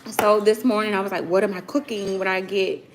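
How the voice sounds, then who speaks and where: The audio is poor, but this vlogger mom's mid-range voice comes through steady and fairly quick. In her thirties, she chats from her kitchen about cooking for her kids, addressing viewers as y'all, as children talk in the background.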